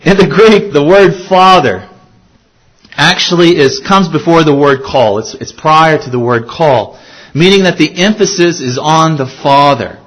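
A man's voice: a little high, a little slow, a bit bright, rough recording. A man preaching a sermon as pastor, earnest, asking his listeners questions and repeating key phrases for emphasis.

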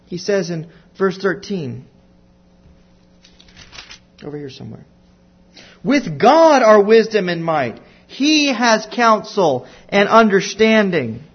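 A man teaching a Bible lesson to children, telling it slowly and deliberately with playful asides. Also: high-pitched, very animated, breathy edge, dull audio.

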